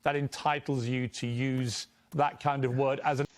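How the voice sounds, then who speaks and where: A man with a British accent, a talk show host, questioning a guest in a measured, pressing way. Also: medium pitch, little pitch movement, dry recording. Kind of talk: interview questioning.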